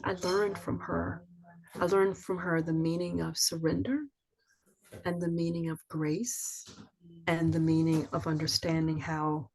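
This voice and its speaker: An older woman from the Southern US, a poet appearing as an interview guest, tells stories in a soothing, husky, deep voice. Her reflective manner turns lively whenever she quotes other people.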